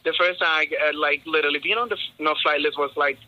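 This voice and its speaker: A man from Kenya, a drag queen, chatting as a podcast guest and telling stories in a lively, animated way. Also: a little high, quick pace, highs cut off. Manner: lively, animated storytelling, calls people "honey". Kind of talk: casual interview chat.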